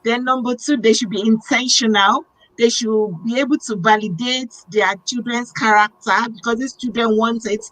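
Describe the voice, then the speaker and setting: A woman hosting a talk show, telling a personal story in a lively, emotional way. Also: fairly high pitch, moderate pace, no room sound, poor audio. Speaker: host. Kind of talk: casual interview chat.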